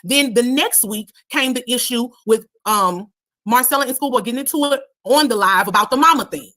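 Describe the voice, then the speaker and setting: A woman's voice: a little high, brisk, bright, forceful tone. A woman panelist in a heated live-stream argument, firm and insistent, defending herself point by point.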